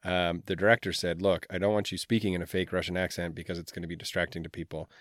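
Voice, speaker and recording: A man's voice: low voice, little pitch movement, fast, a bit bright, no room sound, clean studio sound. A man co-hosting a podcast, chatting casually in a laid-back, playful, rambling way. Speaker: podcast co-host. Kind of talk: casual chat.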